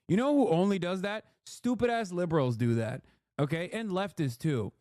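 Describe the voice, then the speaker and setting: Man, high voice, streamer rant, profane, exasperated, dry close mic. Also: lively intonation, moderate pace, darkish tone, no echo. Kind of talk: ranting live-stream commentary.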